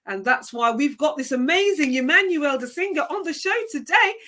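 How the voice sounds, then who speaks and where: A woman's voice: high voice, animated, moderate pace, bright, forceful tone. A woman hosting a casual interview, encouraging her guest and speaking to the listeners with enthusiasm. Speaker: host.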